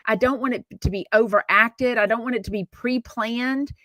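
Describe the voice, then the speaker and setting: Speaking at a moderate pace in a slightly high, sharp-toned voice, this woman from Texas hosts a gossip podcast. She's blunt, opinionated and chatty, tossing in casual swearing, and the recording has no echo.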